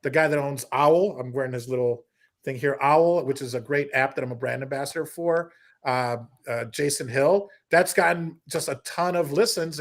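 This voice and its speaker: A man, a comedian guest on a podcast, telling stories in a lively, casual way and breaking into impressions. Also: fairly high pitch. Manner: animated storyteller, slips into impressions. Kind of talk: casual interview storytelling.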